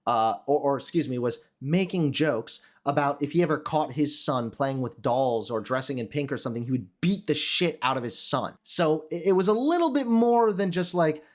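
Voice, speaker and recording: Young male commentator, high light voice, casual and profane, mocking himself. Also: animated, moderate pace, few pauses. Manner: sarcastic, profane, self-critical. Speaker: commentator reacting to his old video.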